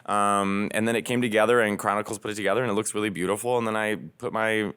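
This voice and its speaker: A man in his thirties from the Chicago suburbs, a comedian guest telling animated stories on a podcast and laughing often. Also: on the low side, fast, smooth. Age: 30s. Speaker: comedian and cookbook author guest. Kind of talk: casual podcast conversation.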